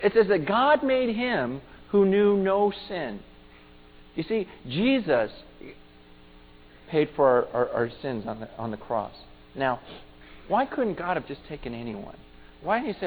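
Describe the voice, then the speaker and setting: A man's voice: a little high, big pitch swings, unhurried, pauses often, a little hiss or hum. A man preaching a sermon, earnest and pleading, often repeating his words as he urges the listeners. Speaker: pastor. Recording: phone-like sound with long hall reverb.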